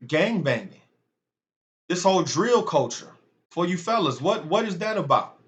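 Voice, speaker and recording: A man's voice: high-pitched, very animated, normal speed, fairly bright tone, highs cut off. A man giving a casual sermon-style Bible lesson, talking to his viewers as family. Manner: conversational, addresses viewers as family. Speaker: online Bible teacher.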